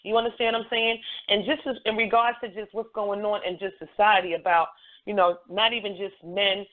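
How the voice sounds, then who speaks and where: A woman's voice: medium pitch, little pitch movement, brisk. A woman hosting a call-in talk show, chatting loosely and often stopping to ask "you know what I'm saying". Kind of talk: casual call-in chat. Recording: tinny phone line.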